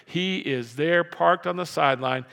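Male pastor, animated sermon delivery, gravelly slightly high voice, recorded in a reverberant sanctuary. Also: a little slow. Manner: animated, acts out crowd and beggar voices, repeats phrases. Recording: long hall reverb.

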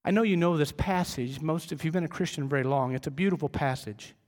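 A middle-aged man preaching a sermon as pastor, conversational, telling humorous family stories and dropping his voice low for emphasis. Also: fast talker, darkish tone. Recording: long reverb of a large hall.

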